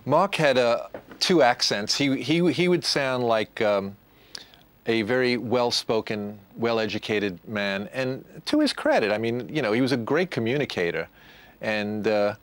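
A man's voice: mid-range voice, fairly bright tone, no echo. A man reminiscing in an interview, chatty and full of asides.

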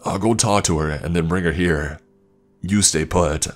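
A man voicing a stubborn, gruff older taxi driver with a raspy voice, in a spoken horror story. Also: sits low, normal speed, faint music behind, close to an everyday voice. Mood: stern. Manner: gruff, firm.

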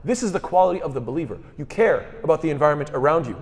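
Speaking in a large hall at a mosque, a man delivers a sermon in rapid-fire fashion, his fairly high voice lively in intonation yet a little mellow. He poses rhetorical questions and quotes scripture in Arabic.

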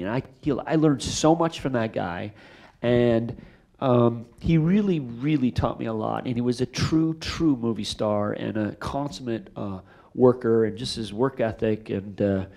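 On a theater stage after a screening, a middle-aged film director with a medium-pitched voice tells stories at a live Q&A at a measured pace. He's animated, acting out the voices of the people in his anecdotes.

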